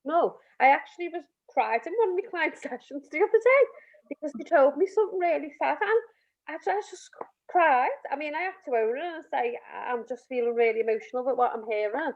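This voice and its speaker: A middle-aged woman counsellor talks openly and a little emotionally, rambling and restarting her sentences. Her voice sits somewhat high. The sound is muffled, as over a video call. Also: lively intonation, fairly quick. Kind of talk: casual group discussion on a video call. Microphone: video call, camera off.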